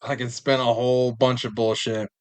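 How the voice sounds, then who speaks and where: A man co-hosting a loose, unscripted podcast, telling a long prank story. He talks in an animated, teasing way and breaks into laughter often. His voice sits at an ordinary middle pitch. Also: moderate pace. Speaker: podcast co-host. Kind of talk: casual storytelling chat.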